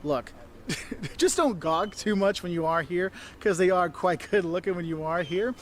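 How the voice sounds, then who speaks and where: A man's voice: high voice, a little slow, a little hiss or hum. A man giving travel tips to camera outdoors in a city, talking in a chatty, direct way with laughs and asides. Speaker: travel vlogger.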